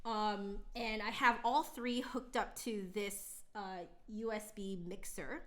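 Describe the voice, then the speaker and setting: A woman's voice: mid-range voice, steady tone, slow pace. A woman flutist chatting casually on her live stream, explaining things at length with many fillers, close to a microphone in a home studio. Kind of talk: casual chat. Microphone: close mic, gain changed during talk.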